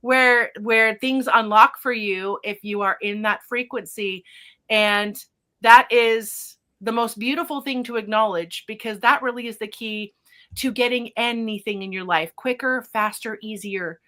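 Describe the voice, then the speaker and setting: Her voice is a little high and unhurried as she, a psychic medium and podcast host, shares a story in casual chat. Animated excitement and spiritual terms run through her telling.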